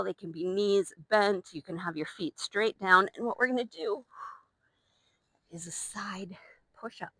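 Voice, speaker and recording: Counting reps and urging people on, a breathless young Pilates instructor exercises along during live instruction. Her medium-pitched voice sounds pushed and bright, recorded on a new microphone with no room sound.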